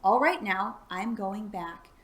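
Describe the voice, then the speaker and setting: A woman voicing a brave, clever young boy adventurer in a storybook read-aloud, hushed and earnest. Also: medium pitch, animated, slow pace. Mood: hushed planning.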